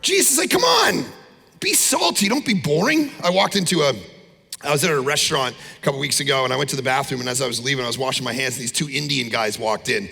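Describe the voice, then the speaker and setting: A man preaching an animated sermon as pastor, with shouting peaks and quick impressions of people. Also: mid-range voice, vocal fry. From Canada. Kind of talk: energetic sermon. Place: large church auditorium. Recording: long hall reverb.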